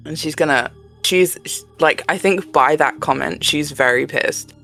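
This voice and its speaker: A woman's voice: low voice, a little slow, bright, forceful tone, faint music behind. A woman playing a tabletop game, swearing and laughing as she reacts. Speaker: player. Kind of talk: casual tabletop play.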